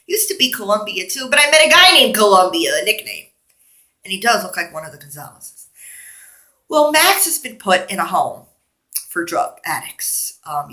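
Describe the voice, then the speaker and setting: A woman's voice: mid-range voice, sharp tone. A woman vlogger in a rambling, digressive monologue, talking candidly and a little wheezy.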